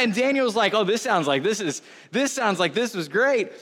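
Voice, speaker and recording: A middle-aged pastor, telling a rambling story from the stage in a chatty way. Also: male voice, high voice, expressive, brisk, bright, forceful tone. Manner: chatty, rambling anecdotes with restarts. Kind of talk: conversational sermon storytelling. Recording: reverberant hall.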